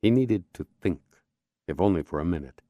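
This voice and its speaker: A man giving measured, expressive scripted narration of a crime novel audiobook. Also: sits low, no room sound, lo-fi sound.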